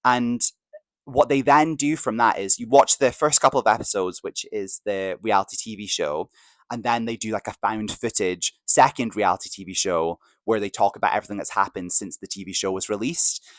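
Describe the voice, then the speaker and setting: A man's voice: on the low side, moderate pace, fairly bright tone, dry recording, rough recording. Enthusiastic man hosting a chatty podcast. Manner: enthusiastic, gushing, chatty with fillers. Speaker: podcast host. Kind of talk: casual opinion chat.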